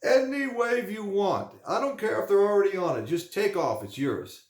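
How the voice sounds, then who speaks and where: A man voicing a teasing old male surfer in a high, jokey quoting voice. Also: lively intonation, normal speed. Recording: echoey room.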